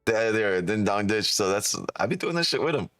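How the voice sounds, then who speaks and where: A man's voice: on the low side, expressive, brisk, a bit bright, no room sound, clean studio sound, soft background music. A man, a trading streamer, chatting casually on a live stream, swearing a lot, joking and laughing often.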